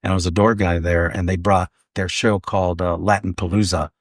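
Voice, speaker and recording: A man's voice: sits low, little pitch movement, brisk, no room sound, studio quality. A man in his forties, a guest comedian, telling casual stories in a podcast interview, rambling with lots of fillers and restarts.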